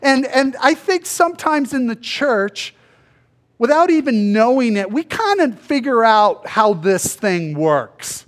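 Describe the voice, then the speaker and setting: A male pastor giving a conversational sermon, acting out the people in the story in quick voices. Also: extremely high pitch, very animated. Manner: conversational, acts out biblical dialogue in voices.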